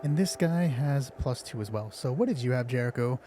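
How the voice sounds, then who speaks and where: A man's voice: medium pitch, lively intonation, fairly quick, over music. A man running a tabletop game on a live stream as game master, joking and mocking himself, a little nervous. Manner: joking, self-mocking and chatty. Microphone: headphones on, streaming from home.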